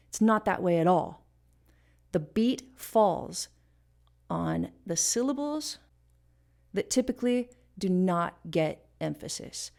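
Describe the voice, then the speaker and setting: A woman's voice: fairly high pitch, vocal fry, darkish tone. A woman hosting a casual music lesson, explaining rhythm and stopping to sing and beatbox short examples. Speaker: music teacher and channel host.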